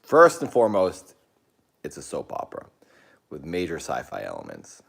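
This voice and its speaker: A man hosting a casual live stream, rambling to his chat with sudden excited outbursts. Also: extremely low pitch, moderate pace, vocal fry, slightly rough.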